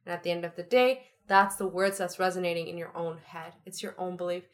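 A woman's voice: on the low side, fairly even intonation, fairly quick. A young woman co-hosting a podcast, talking in an upbeat, chatty, motivational way. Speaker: podcast co-host. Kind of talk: casual chat.

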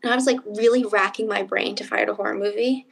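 A young woman co-hosting a podcast, chatting casually and acting out stories with lively quoted voices. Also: quick pace, vocal fry, breathy edge. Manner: animated storytelling, acting out quotes with big pitch jumps. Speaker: podcast co-host. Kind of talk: casual chat.

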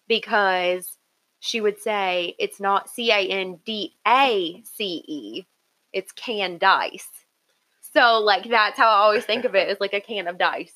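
A woman co-hosting a podcast, chatting casually in an excitable, giggly way. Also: mid-range voice, rough recording. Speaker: podcast co-host.

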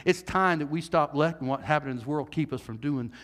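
High-voiced male pastor preaching in a sanctuary with long reverb. Animated, jokey, moves from loud to hushed. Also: fairly quick. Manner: jokey asides to the congregation. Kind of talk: sermon. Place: church sanctuary.

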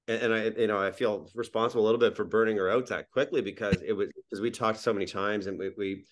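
A man's voice: on the low side, steady tone, fast. A man from New Brunswick, Canada, a sitcom co-creator guesting on a casual podcast, rambling with frequent restarts and repeated words. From Miramichi, New Brunswick, Canada.

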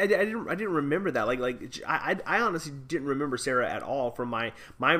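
A man's voice: medium pitch, sharp tone. Stammering man rambling about a movie. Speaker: podcast co-host. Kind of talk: casual chat about a movie.

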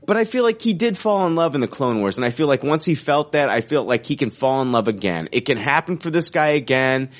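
A man co-hosting a casual fan podcast, excited and rambling, swearing now and then. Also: medium pitch, a little fast, few pauses. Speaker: podcast co-host.

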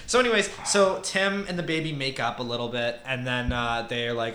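A man's voice: medium pitch, normal speed, sharp tone, reverberant. A man co-hosting a podcast, chatting casually through a movie review, laughing often and swearing now and then. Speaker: podcast co-host.

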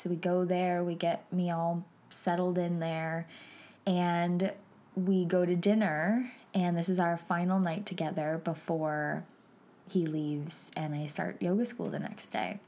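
A young adult woman hosting a podcast, telling a personal story in a soft, chatty way with many fillers and frequent hushed whispers. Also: fairly low pitch, flat delivery, moderate pace. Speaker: podcast host.

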